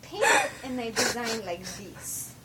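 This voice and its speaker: A woman's voice: fairly high pitch, slow. A woman putting on a giggly foreign-accented persona. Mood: playful. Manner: broken grammar with stray "to the", giggly. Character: excitable foreign-accented young woman in broken English. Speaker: roommate. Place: home room. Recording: noisy home video from a distance.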